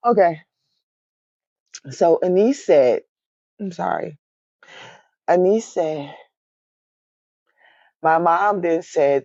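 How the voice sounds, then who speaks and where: A woman's voice: lowish voice, lively intonation, extremely slow, long pauses, a little mellow, no echo. A woman recapping a reality show in a casual chat, keeps breaking into laughter mid-sentence and calls her viewers y'all. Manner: chatty, addresses viewers as y'all. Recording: dry, dull lo-fi sound.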